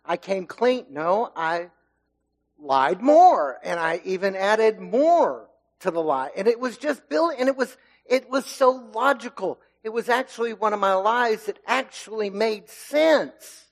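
A middle-aged man preaching to his congregation, his voice sitting a little high for a man. He tells a story from his childhood casually, with fillers, and presses harder as it builds. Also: lively intonation, unhurried. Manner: conversational storytelling with fillers, growing emphatic. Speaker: lay preacher. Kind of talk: sermon with personal story and scripture reading.

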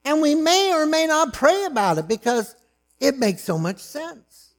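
A man preaching a sermon, swinging from loud, emphatic lines to hushed, low asides. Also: animated, a little slow.

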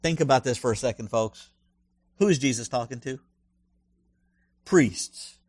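A man's voice: medium pitch, measured pace, darkish tone, husky, no room sound. A male pastor preaching a sermon in an emphatic way, full of rhetorical questions and punchy asides.

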